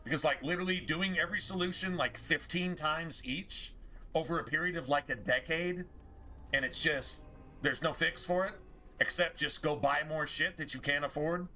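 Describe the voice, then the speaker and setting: Male gamer, casual rambling commentary, swears a lot, bright forceful voice. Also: fairly high pitch, moderate pace, faint music behind. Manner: rambling, profane, exasperated. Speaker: game streamer.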